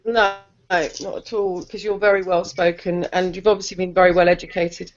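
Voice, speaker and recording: A woman with a London accent moderating a casual online debate, blunt and opinionated, quick to set people straight. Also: on the low side, little pitch movement, highs cut off. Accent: London English. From London, England. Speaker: discussion moderator.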